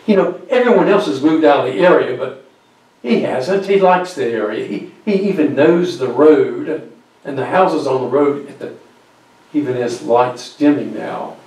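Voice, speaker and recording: Man, storytelling sermon, acts out the voices, booming hall echo, heard from a distance. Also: darkish tone. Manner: acts out quoted voices, drops to near whispers. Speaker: guest speaker. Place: church sanctuary. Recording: very echoey church recording from far off.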